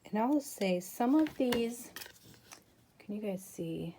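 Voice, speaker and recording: A crafting channel host chats casually with her viewers as she works through a tutorial. Her medium-pitched voice is mellow and expressive, and she takes things slowly.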